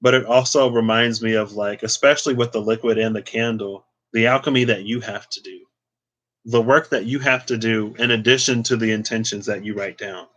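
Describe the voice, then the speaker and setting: A man's voice: on the low side, fairly even intonation, a little fast, a bit bright, rough recording. Chatty man giving a tarot reading. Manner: chatty, lots of "like" and playful asides. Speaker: tarot reader.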